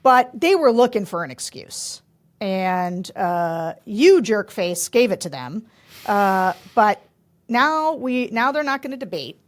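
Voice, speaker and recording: A woman co-hosting a casual podcast tells a story with plenty of energy. Her pitch sits a little high and swings widely. Her delivery is chatty and animated, and she laughs often. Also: slow. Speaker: podcast co-host. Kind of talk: casual political chat.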